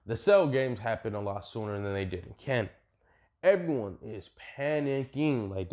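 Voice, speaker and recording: A man's voice: on the low side, lively intonation, moderate pace, darkish tone. A young adult man casually retelling a fan what-if story, rambling, profane and full of slang.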